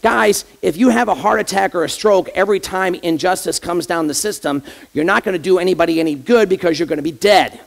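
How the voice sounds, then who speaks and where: Gravelly associate pastor preaching. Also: male voice, sits high, brisk, few pauses. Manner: conversational, addresses the congregation directly with rhetorical questions. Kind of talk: sermon.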